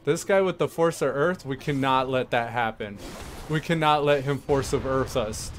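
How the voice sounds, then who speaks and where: A man's voice: medium pitch, moderate pace, slight background noise. A man giving casual, rambling commentary while playing a game, laughing often and talking to himself. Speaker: gameplay streamer.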